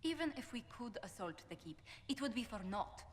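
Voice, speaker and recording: A woman's voice: a little high, very animated, brisk, breathy edge. An actress playing a cautious, formal female diplomat in a video game. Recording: game audio with long reverb.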